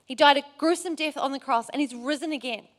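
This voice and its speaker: A woman's voice: sits high, fast. A woman preaching a sermon, telling a Bible story earnestly. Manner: earnest, storytelling with acted quotes.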